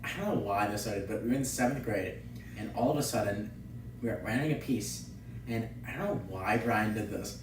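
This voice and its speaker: A man co-hosting a podcast, telling a story in a casual, animated way, laughing often and acting out the quotes. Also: on the low side, a little fast, noisy background. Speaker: podcast co-host. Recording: echoey room, distant from mic.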